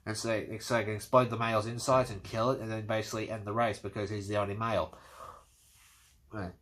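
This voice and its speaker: A man's voice: on the low side, flat delivery, brisk, a bit bright, slight background noise. Guy hyped up reviewing a movie, swears a lot, acts out the scenes. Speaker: movie commentator. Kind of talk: casual movie review monologue.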